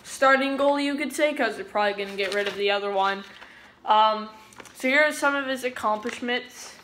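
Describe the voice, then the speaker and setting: A woman's voice: a little high, fairly quick, fairly bright tone, a little hiss or hum. A woman giving a casual fan presentation as a vlogger, chatty and digressive, stopping often to explain terms. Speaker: vlogger presenting a hockey player.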